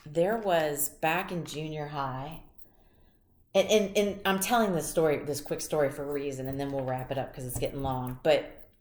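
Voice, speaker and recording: A woman with a low, slightly mellow voice gives a casual tarot reading at a moderate pace in a roomy-sounding space. She's chatty and rambling, telling personal stories as she goes.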